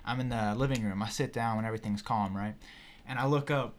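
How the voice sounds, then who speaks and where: Animated young man telling a wild story. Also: fairly low pitch, fast. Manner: animated, profane, many fillers like "you know". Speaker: podcast guest. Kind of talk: casual storytelling.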